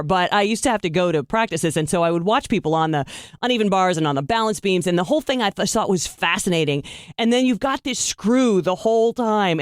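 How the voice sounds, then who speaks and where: A man co-hosting a podcast, telling stories in an animated, enthusiastic way. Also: high voice, clean tone, no room sound, clean studio sound. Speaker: podcast co-host. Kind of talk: casual podcast chat.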